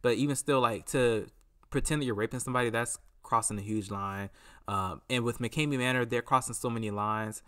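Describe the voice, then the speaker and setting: A man hosting a podcast, talking in a casual, rambling and animated way, often acting out what people said. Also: mid-range voice, brisk. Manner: rambling, animated, acts out quotes. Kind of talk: casual solo commentary.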